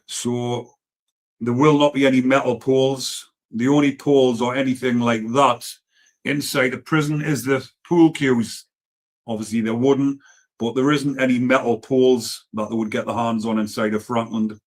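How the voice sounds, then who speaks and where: A man's voice: mid-range voice, steady tone, normal speed. A man with a Geordie accent hosting a casual live stream, reading viewer comments and talking bluntly, with frequent swearing and rambling asides. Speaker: livestream host reading comments.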